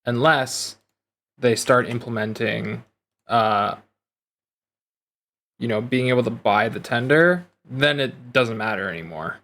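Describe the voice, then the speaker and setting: A man calmly explaining his view on game design in a casual discussion. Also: mid-range voice, slow, pauses often. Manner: calm, reasoned explanations.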